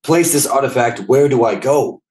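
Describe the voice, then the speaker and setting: A man's voice: medium pitch, darkish tone, echoey room, distant mic, pitched above the performer's own voice, lightly acted. A man voicing his frustrated male adventurer character who demands to be told where to go, firing off questions in exasperation. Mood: exasperated. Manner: exasperated, rapid string of questions.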